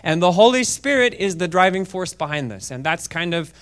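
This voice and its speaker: Male preacher, high smooth voice, casual asides that build to loud fervent readings. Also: sing-song, brisk. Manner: chatty, checks in with "okay?" often. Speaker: guest preacher. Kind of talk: sermon with scripture reading. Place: church service.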